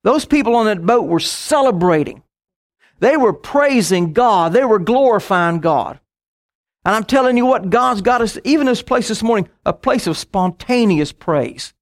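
High-voiced man preaching a sermon. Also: animated. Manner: storytelling with asides and quick bursts.

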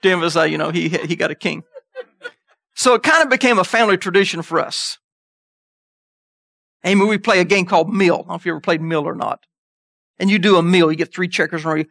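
A preacher gives an animated sermon, reading scripture and jumping up into high voices to make his point. His voice is bright and forceful. The recording is dry and close. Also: fast, vocal fry, pauses often, no room sound. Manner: animated, jumps into high voices, scripture in King James wording.

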